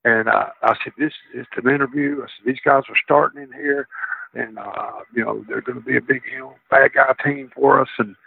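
A gravelly, husky-voiced man with a drawl tells his stories in a loose, rambling way, often doubling back mid-thought. He comes through a thin, tinny phone line. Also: medium pitch, steady tone, brisk, dry recording. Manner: rambling, circling back on himself. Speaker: guest, former wrestler. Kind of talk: casual interview storytelling.

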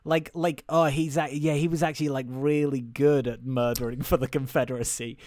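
A man's voice: mid-range voice, fairly even intonation, a little fast, a little mellow, no room sound, clean studio sound. A man casually recapping a film for a comedy podcast, rambling with restarts. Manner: rambling, restarts, breaks into goofy character voices.

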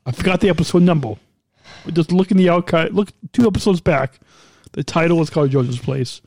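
A man's voice: on the high side, a little fast, darkish tone, no echo. A man co-hosting a podcast in casual chat, playful and teasing, often cutting in. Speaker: podcast co-host. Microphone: studio mic.

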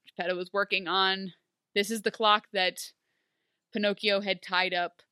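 Animated woman retelling a show, bright voice. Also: medium pitch, normal speed, smooth, dry recording, studio quality. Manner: animated retelling, acts out characters' lines; emotional, gushing. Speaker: podcast co-host. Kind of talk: casual recap of a TV episode.

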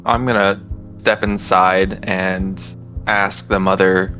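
A man's voice: sits low, flat delivery, takes it slowly, bright, forceful tone, soft background music. A man playing a tabletop game, describing his actions matter-of-factly. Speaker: player. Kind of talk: casual tabletop play.

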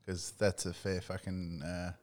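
Laid-back Australian man, low voice. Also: completely flat delivery, measured pace, a little mellow. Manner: laid-back, swears freely, laughs often. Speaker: podcast co-host. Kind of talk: casual sports chat.

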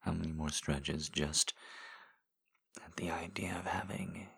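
Man, whispered role-play, very deep gravelly voice, unhurried, coaxing and repetitive. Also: fairly even intonation, a bit bright. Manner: slow coaxing encouragement with repeated phrases. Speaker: intimate audio performer.

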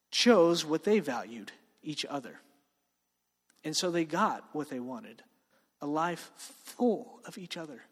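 A man preaching a sermon to students in a casual, joking way. He often asks "right?" and slows down to stress key words. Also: a little high. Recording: long reverb of a hall.

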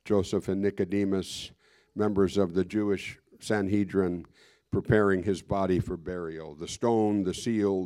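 Fervent preaching man, low voice. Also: a little mellow. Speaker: pastor. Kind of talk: sermon.

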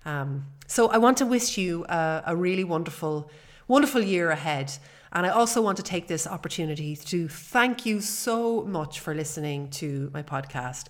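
A woman in her forties talks through a personal podcast episode, sincere and chatty, with the odd "um" along the way. Her voice sits a little low for a woman. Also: expressive, normal speed. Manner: warm, earnest and chatty, with fillers. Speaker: podcast host.

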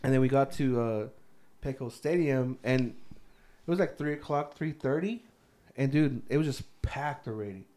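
A man's voice: medium pitch, moderate pace, warm tone. A young man in casual chat with friends, telling a rambling, profanity-filled story and laughing as he goes. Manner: rambling, swears a lot, laughs through his story.

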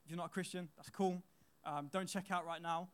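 Speaking from a stage to a youth audience, a young man in his twenties tells school stories to teenagers in a loose, casual, chatty style. His clear, resonant voice sits fairly high with fairly even intonation and a brisk pace, and he leans on fillers and repeats his key lines.

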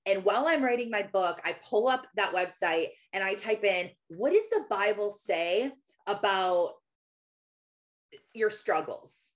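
A woman's voice: mid-range voice, lively intonation, unhurried. A woman in her thirties giving a casual, earnest faith talk, chatty and laughing often as she acts out quotes. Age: 30s. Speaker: Christian podcaster and author.

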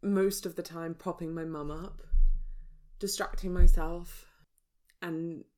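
A woman's voice: fairly low pitch, fairly even intonation, takes it slowly, a little mellow. A woman from England talking openly to her viewers about a hard stretch of her life, in a raw, reflective and searching way. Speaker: spiritual vlogger. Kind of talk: personal storytelling to viewers.

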